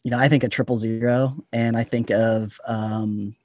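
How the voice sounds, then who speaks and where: Excited guy gushing on a podcast, dry close sound, laughs a lot. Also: medium pitch, moderate pace, no room sound. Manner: enthusiastic, chatty, laughs often. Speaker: podcast guest. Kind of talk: casual podcast chat.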